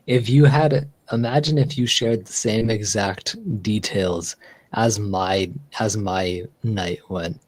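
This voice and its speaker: A man's voice: fairly low pitch, slow pace, no room sound, low-quality recording. A man streaming casually, telling a long story with lots of fillers and restarts. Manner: rambling storyteller with many fillers. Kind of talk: casual live-stream chat.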